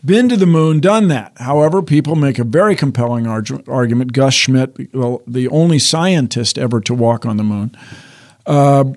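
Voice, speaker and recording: A man's voice: mid-range voice, normal speed, darkish tone. An older man explaining science in a casual chat, wry and explanatory, often restarting sentences. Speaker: science guest.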